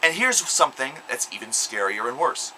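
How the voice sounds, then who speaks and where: A man's voice: mid-range voice, sing-song, moderate pace, pushed and bright, a little hiss or hum, low-quality recording. A young man delivering an angry, sarcastic, profanity-laced vlog rant. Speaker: video blogger. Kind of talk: ranting vlog monologue.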